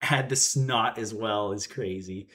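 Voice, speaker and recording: A young man in his twenties chats casually with his stream audience. His voice is bright and a bit tense, and he tells his stories with animation, acting out the quotes. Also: fairly low pitch, measured pace. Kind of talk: casual livestream chat.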